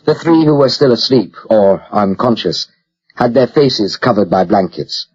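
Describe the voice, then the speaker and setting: A man narrating an audiobook with a measured, steady delivery. His voice is low and husky, and the recording sounds muffled and lo-fi.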